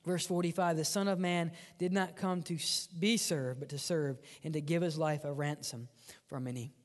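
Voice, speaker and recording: A man's voice: a little high, fairly even intonation, moderate pace, long reverb tail. A man preaching a sermon as pastor, dramatic and often dropping to a whisper for emphasis. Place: church sanctuary.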